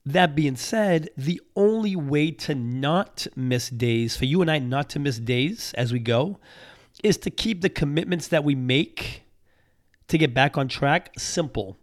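A man hosting a motivational show in an upbeat, energetic way, his voice a bit off from being sick and on the mend, repeating his key points. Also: on the high side, a little slow. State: sick voice, recovering. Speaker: podcast host. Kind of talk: motivational talk.

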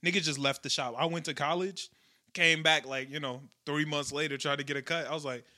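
A young man with a fairly high, bright and forceful voice tells stories in loose, casual chat. His delivery is animated and full of profanity, with the easy rhythm of a co-host among friends. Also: fairly quick.

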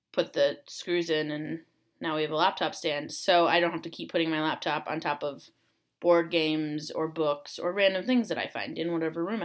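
A woman's voice: low voice, a bit bright. A young adult woman hosting a casual solo chat, rambling with many ums and uhs.

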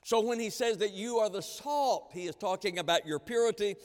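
Pastor, male, slightly high voice, emphatic sermon delivery that swings loud and hushed, long church reverb. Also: brisk. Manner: emphatic, repeats key phrases, swings between loud and hushed.

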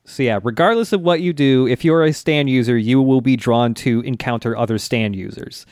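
A man's voice: mid-range voice, normal speed, dry recording. Man recapping an episode, dry close sound. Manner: relaxed, many fillers, laughs often. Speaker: podcast co-host. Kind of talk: casual chat recapping an anime.

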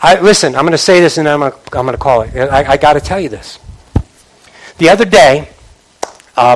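A man preaching a sermon as pastor, animated, repeating words for emphasis and mimicking idle chatter. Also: mid-range voice, slight background noise.

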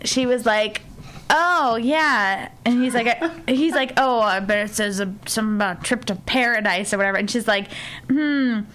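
A young woman chatting casually, rambling with lots of "like" fillers and acting out characters' lines in quick put-on voices. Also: medium pitch, steady tone, fairly bright tone, slight background noise. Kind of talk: casual chat recapping a TV episode.

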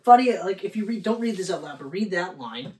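A woman's voice: fairly low pitch, expressive, fairly quick, a little mellow. A woman co-hosting a casual movie review chat, profane and rambling, laughing often. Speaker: podcast co-host. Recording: roomy, distant mic.

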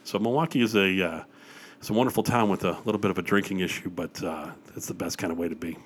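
An older man from Wisconsin, USA, speaks in a low, fast voice with a breathy edge. He's a guest in a casual chat, telling stories with real enthusiasm and dropping plenty of "uh"s as he goes.

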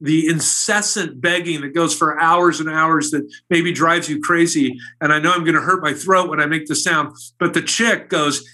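Bright-voiced, eager male storyteller. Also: a little high, fairly even intonation, normal speed, few pauses. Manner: enthusiastic, rambling storyteller. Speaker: guest, bird illustrator. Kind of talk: casual interview.

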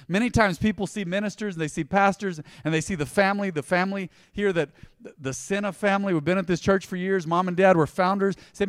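A male pastor preaching a conversational sermon, emphatic and swinging between loud and hushed lines. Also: high-pitched, fast, dry recording, clean studio sound.

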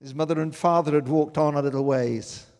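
An older man preaching a sermon, telling personal stories with emotion that swings from loud to hushed. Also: on the high side, steady tone, a little fast, in a large hall.

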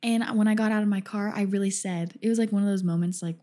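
A woman's voice: medium pitch, steady tone, fast talker, dark tone. A woman co-hosting a podcast, telling stories in a casual, laid-back, self-mocking way full of "like". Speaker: podcast co-host. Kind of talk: casual chat.

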